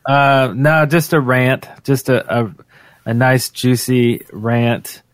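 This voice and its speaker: Slow, laid-back man on a podcast. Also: mid-range voice, steady tone, dry recording. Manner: laid-back, joking, laughs a lot. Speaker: podcast co-host. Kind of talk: casual chat.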